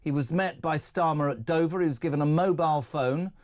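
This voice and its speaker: Cheeky bloke hosting drive-time radio, jokey and loud-mouthed. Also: male voice, a little high, fairly quick. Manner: brash, jokey, mocking. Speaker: radio talk show host. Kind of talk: opinionated drive-time chat.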